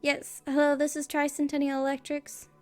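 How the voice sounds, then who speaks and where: A woman's voice: high-pitched, completely flat delivery, normal speed, close to an everyday voice. A woman voicing a fragile, ghostly woman who speaks shakily and tearfully over a crackling intercom in a game. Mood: polite. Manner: shaky, tearful.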